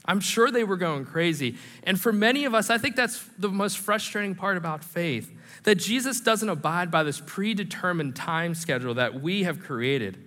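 Bright-voiced preacher man in a reverberant hall. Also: a little high, moderate pace. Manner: animated, conversational preaching with self-deprecating humor. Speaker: pastor. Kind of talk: sermon.

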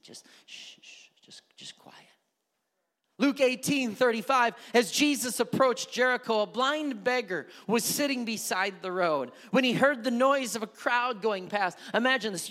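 A male pastor preaching a sermon, building from soft talk to shouting and repeating his phrases. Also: extremely high pitch, big-room sound. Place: church sanctuary.

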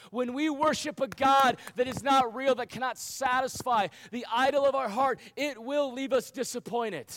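High-voiced man preaching earnestly. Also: fairly bright tone. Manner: earnest preaching with rhetorical questions and emphatic repetition. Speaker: youth pastor. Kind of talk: sermon.

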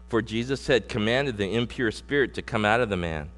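Middle-aged male pastor, animated preaching with loud punches and slow, hushed scripture reading; long reverb, faint mains hum. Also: on the low side. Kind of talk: sermon.

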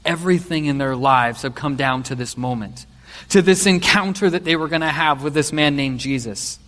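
High-voiced earnest male preacher. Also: a bit bright. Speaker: pastor. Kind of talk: sermon. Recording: long hall reverb.

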